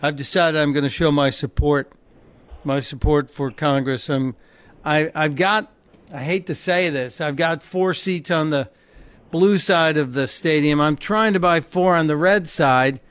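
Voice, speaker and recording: A talk radio host speaking in a casual, joking way into a studio microphone. His voice sits a little high for a man and comes across smooth and clear. The sound is close and dry. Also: a little slow, fairly bright tone, no room sound. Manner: chatty, joking, laughs easily.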